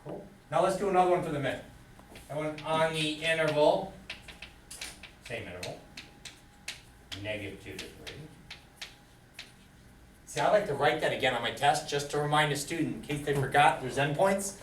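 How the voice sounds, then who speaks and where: Lively male math teacher in echoey classroom. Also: fairly high pitch, normal speed, pauses often, far from the mic, a little hiss or hum. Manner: lively, quizzes students, animated. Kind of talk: classroom lecture with questions to students. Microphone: camera far from the speaker.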